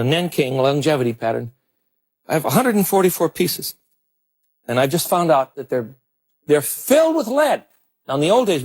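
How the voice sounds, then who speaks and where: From a 1980s TV broadcast, a cooking show host demonstrates dishes in a studio kitchen, chatting eagerly to the camera and exclaiming about the food. The middle-aged man's voice leans high with a little mellowness.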